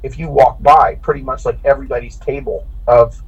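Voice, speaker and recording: A man with a gravelly, husky voice spins an animated, rambling story on a podcast. The audio sounds dull and lo-fi. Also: medium pitch, brisk. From Illinois. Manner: animated, rambling anecdote with frequent restarts. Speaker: podcast guest, bracket racer. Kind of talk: casual storytelling.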